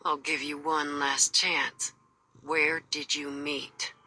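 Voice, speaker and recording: An actress voicing a tough, cold female mercenary in a video game, with a gruff, threatening, folksy drawl. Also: low voice, flat delivery, slow, pushed and bright, faint music behind, full character voice, rough recording. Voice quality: husky.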